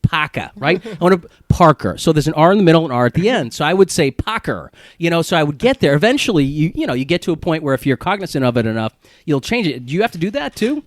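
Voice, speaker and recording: A man's voice: fairly high pitch, big pitch swings, racing, no room sound. A man from Woburn, Massachusetts, hosting a casual podcast chat, joking and laughing with his guest. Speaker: podcast host.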